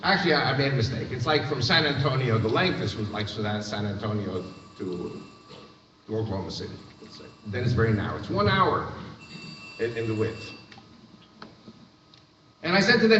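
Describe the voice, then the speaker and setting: A man's voice: medium pitch, expressive, moderate pace, long pauses, a bit bright. An American-born man giving an emphatic talk to a church audience, telling stories and restarting his phrases. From United States. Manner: emphatic storytelling, repeats words when restarting. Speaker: guest speaker. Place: large hall with live audience. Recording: echoey far-off hall recording, dull sound, faint noise.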